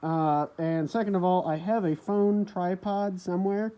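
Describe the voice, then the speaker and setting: A man's voice: sits high, fairly even intonation, measured pace. Man, muffled through face mask, rambling, self-correcting, phone recording, farm shed. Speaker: tractor restoration vlogger. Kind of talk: casual talk to camera. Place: farm building with no power. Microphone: phone camera.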